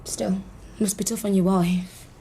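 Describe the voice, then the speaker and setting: An actress playing a chatty, teasing nurse in a television drama. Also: female voice, medium pitch, level tone, unhurried, dark tone, a little hiss or hum, natural voice. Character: chatty, cheeky nurse treating a wound.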